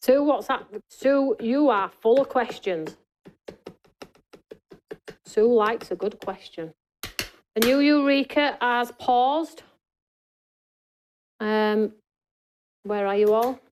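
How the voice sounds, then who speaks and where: A woman's voice: fairly high pitch, slow pace, pauses often, a little hiss or hum. Chatty woman hosting a craft demo. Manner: chatty, talks to viewers and reads their comments. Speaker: craft show host. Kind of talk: live craft demonstration. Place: craft studio indoors.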